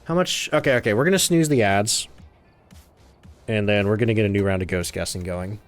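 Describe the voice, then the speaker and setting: A man streaming a game live, chatty and excitable as he thanks viewers and explains his play. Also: lowish voice, brisk, soft background music. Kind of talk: live gameplay commentary.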